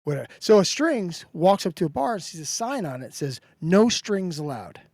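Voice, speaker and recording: A man telling jokes in a casual group chat, lively and jokey. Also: sits high, fast, creaky, no echo. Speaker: podcast co-host.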